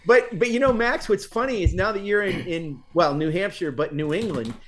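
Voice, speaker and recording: A man hosting a casual interview, friendly and quick to laugh, asking loose, rambling questions. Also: high-pitched.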